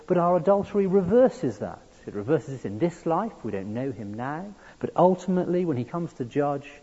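A man's voice: on the high side, warm tone, breathy edge. Man preaching in an echoing hall. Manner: earnest, building to emphatic peaks. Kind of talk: sermon. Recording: dull sound in a long-reverb hall.

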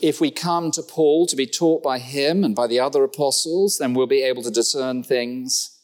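A middle-aged man preaching a sermon in a church, with humorous asides and sudden jumps in pitch. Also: normal speed, a little mellow.

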